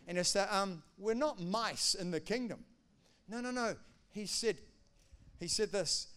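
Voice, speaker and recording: A male pastor preaching a sermon, animated, acting out quotes and swinging between loud declarations and hushed asides. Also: high-pitched, measured pace, smooth.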